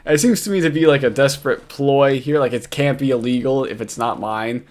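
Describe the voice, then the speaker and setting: A man's voice: medium pitch, brisk, a little mellow. A man with a New York accent giving casual, mocking reaction commentary. He rambles, swears and laughs often.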